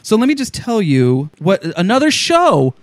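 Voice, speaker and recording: High-voiced chatty man, dry close sound. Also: moderate pace, no room sound. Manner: chatty, animated, excitable. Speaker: podcast co-host. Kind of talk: casual chat about musicals.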